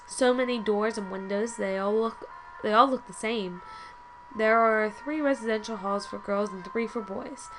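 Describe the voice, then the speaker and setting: A woman's voice: mid-range voice, moderate pace, music in the background, low-quality recording. A woman reading a story game aloud with chatty asides, often stumbling and correcting herself. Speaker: let's play host.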